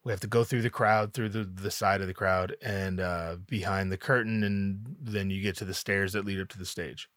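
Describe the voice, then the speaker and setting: A man's voice: sits low, fairly even intonation, normal speed, few pauses, fairly bright tone, dry recording, studio quality. A man, a rapper, telling a personal story casually, candid and swearing freely.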